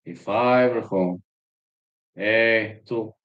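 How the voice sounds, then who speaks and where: A man's voice: on the low side, extremely slow, muffled recording. A man with a Serbian accent, hosting a live fight stream and chatting in a rambling, storytelling way while reading chat aloud.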